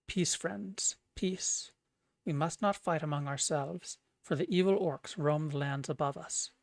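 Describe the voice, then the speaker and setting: Grand old wizard, slow and stately, dry sound, streamer-voiced. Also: mid-range voice, dry recording, lightly acted. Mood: calm. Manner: grave, stately. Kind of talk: reading game dialogue aloud.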